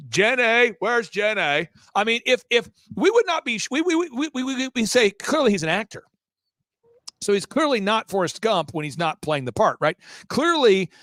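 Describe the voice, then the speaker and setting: A man talking as a guest on a live talk show, emphatic and rapid-fire, throwing out rhetorical questions. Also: high-pitched, fairly bright tone, no echo, studio quality.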